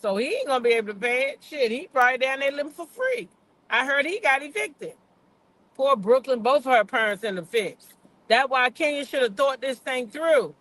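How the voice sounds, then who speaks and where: Her voice high, lively and a bit bright, the older woman chats fairly quickly on her gossip livestream. Blunt and profane, she hammers points by repeating them and speaks right to the viewers in her live chat.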